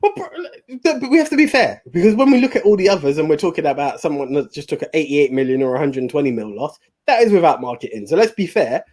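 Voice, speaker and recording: A man's voice: a little high, expressive, fast, hardly any pauses, darkish tone. A British man co-hosting a casual movie podcast, chatty and friendly. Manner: chatty, calls others bro. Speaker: podcast co-host.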